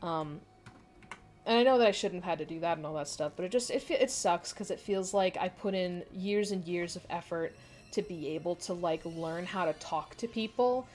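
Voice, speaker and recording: A woman's voice: on the low side, moderate pace, a little mellow. A young adult woman chatting casually on a live stream, answering viewer comments in a candid, rambling way with frequent laughs and casual swearing.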